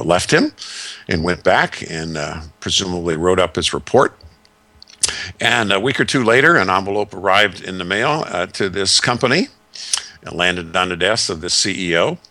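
A man in his sixties, a discipleship consultant, telling stories and giving advice in a measured, folksy way with many fillers. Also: low voice, pushed and bright, dry recording. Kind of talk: radio talk segment.

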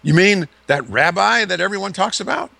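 A preacher doing a stunned freed prisoner, higher voice. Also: male voice, lively intonation, moderate pace, creaky, bright, forceful tone, dry recording, exaggerated voice. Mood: astonished. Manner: incredulous, questioning. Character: bewildered freed male prisoner.

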